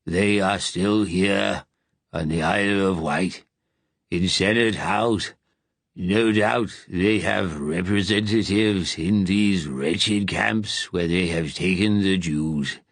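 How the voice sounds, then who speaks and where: A man voicing a weary old resistance leader with a deep growling lisp, speaking slowly and gravely in an audiobook reading. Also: no room sound, exaggerated voice. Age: older. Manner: slow, grave and commanding. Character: aged gruff male wartime resistance leader, weary.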